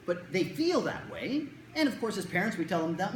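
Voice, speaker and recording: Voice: medium pitch, sing-song, normal speed, hardly any pauses. Presenter talking to parents, jokey and chatty, voice jumps around a lot, echoey room with a bit of hiss. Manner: conversational, jokey, acts out quotes. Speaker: presenter on child anxiety. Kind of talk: lecture to parents. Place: lecture room with an audience. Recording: roomy echo, faint room noise.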